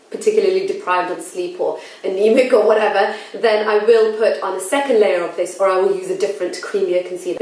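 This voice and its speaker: A woman's voice: mid-range voice, recorded from a distance. A woman talking through her everyday makeup routine in a casual, frank, self-deprecating voice-over. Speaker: beauty vlogger. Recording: very echoey room, mic set back.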